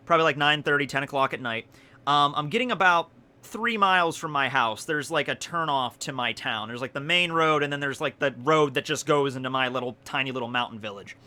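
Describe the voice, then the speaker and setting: Man, 20s, YouTuber, excitable swearing storyteller, bright and forceful. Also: a little high. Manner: excitable, swears often, laughs through the story. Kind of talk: casual storytelling vlog.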